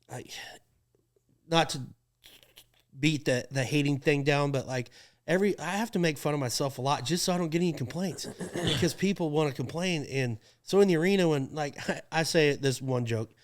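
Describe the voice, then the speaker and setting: A man who works as a rodeo clown, telling stories in a casual podcast chat, laughing often and acting out what people said. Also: mid-range voice. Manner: animated, laughing, acts out quotes.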